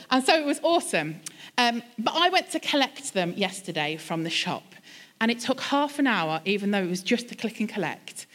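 A young woman pastor delivering a chatty, humorous sermon to her church. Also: on the high side. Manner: lively, chatty storytelling with self-deprecating humor.

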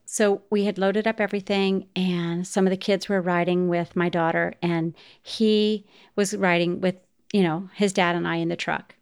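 Middle-aged mom podcaster, smooth clear voice, heartfelt storytelling, talks right to her listeners. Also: lowish voice, fairly even intonation, normal speed. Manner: heartfelt, speaks directly to listeners. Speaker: podcast host. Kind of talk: personal storytelling.

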